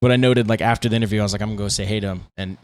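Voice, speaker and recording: Speaking on the low side with fairly even intonation, a man who co-hosts a podcast and plays guitar in a band rattles off stories. The chat is casual and rambling, fast-paced and heavy on fillers.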